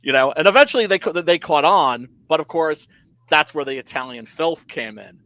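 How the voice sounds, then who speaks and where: High, bright-voiced man in movie chat. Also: moderate pace, dry recording. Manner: animated, mocking quoted voices. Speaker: co-host. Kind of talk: casual chat about movies. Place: convention livestream.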